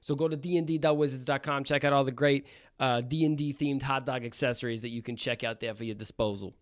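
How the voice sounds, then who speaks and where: A man's voice: mid-range voice, steady tone, quick pace, natural voice. A man voicing a brash, crude New York trash driver with a put-on New York accent that drifts toward Australian, rambling through an ad read. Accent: put-on New York with a bit of Australian.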